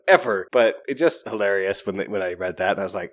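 A man's voice: lowish voice, fast, hardly any pauses. A man casually reviewing a book, rambling and enthusiastic, with plenty of fillers.

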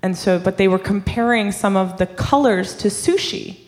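Animated woman telling stories in a reverberant room. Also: medium pitch, normal speed. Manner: animated storyteller, laughs often. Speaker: guest singer and voice performer. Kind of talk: casual chat.

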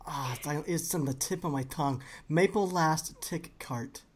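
A woman's voice: deep voice, a little slow, slight background noise. A woman chatting casually in a party word game, sounding out puzzle phrases over and over. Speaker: game player. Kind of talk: casual chat.

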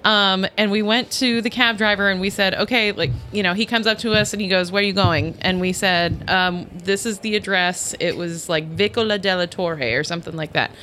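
A woman telling a story in casual chat, animated and laughing as she acts out the people in it. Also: medium pitch, a little fast, few pauses, a little hiss or hum.

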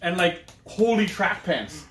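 A man's voice: high voice, expressive, unhurried, fairly bright tone, reverberant, far from the mic. A man co-hosting a podcast, telling loose, profane stories in casual chat. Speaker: podcast co-host.

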